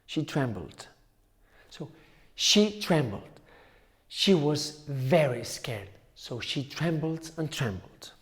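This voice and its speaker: Slow-telling male teacher storyteller. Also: on the high side, big pitch swings, fairly bright tone. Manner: slow, repetitive, dramatic pauses. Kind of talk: storytelling for children.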